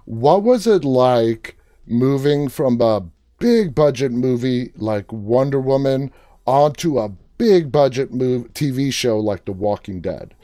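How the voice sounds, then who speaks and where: A man hosts the interview, asking eager, direct questions. His voice has a dark, mellow tone. The sound is dry and close. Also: medium pitch, expressive, takes it slowly, dry recording. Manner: enthusiastic, direct questions with filler uhs. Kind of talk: casual interview.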